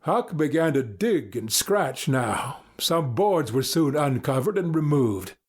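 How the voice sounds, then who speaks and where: A man narrating a story in a steady, storybook manner. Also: a little high, slow pace, husky. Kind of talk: scripted narration.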